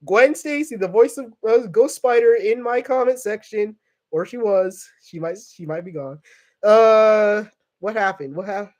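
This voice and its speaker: A man's voice: high-pitched, darkish tone. A young man hosting a casual livestream, reading viewer comments and chatting in a rambling, joking way with tangents. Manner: rambling, jokey, trails off into tangents. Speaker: livestream host.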